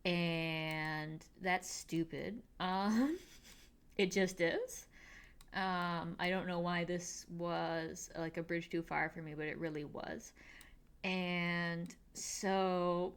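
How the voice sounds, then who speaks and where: A young woman casually recapping a TV episode with dry sarcasm, tossing off quick mock quotes of the characters. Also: fairly low pitch, steady tone, clear, resonant tone. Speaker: podcast host recapping a TV episode.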